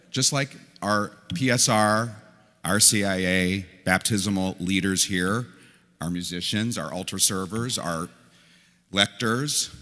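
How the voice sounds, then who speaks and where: An older man, a priest, giving a conversational, animated sermon and acting out quoted lines in a large church. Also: lowish voice. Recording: reverberant church hall.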